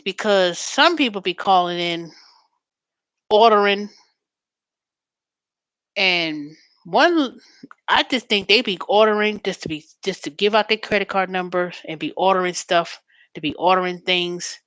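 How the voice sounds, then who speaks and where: A woman hosting a show in a chatty, storytelling way, turning animated when she quotes callers. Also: mid-range voice, unhurried, long pauses, no room sound. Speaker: host. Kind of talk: casual chat.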